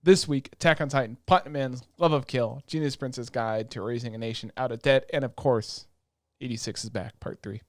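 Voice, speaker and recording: A man co-hosting a casual anime podcast, excitable and profane, retelling scenes with animated energy. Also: mid-range voice, a little fast, no room sound, studio quality. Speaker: podcast co-host.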